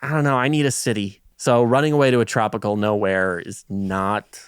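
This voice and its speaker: Animated male podcast co-host, dry sound. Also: on the low side, fairly quick, clear, resonant tone, no room sound. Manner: animated storyteller who acts out quotes. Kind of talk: casual film-discussion chat.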